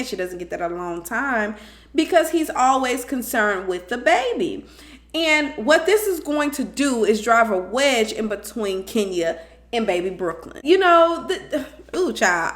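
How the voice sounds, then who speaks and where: A woman recapping a reality TV episode in a chatty, expressive way, often tossing in "okay?" asides. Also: a little high, roomy sound. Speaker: TV show reviewer.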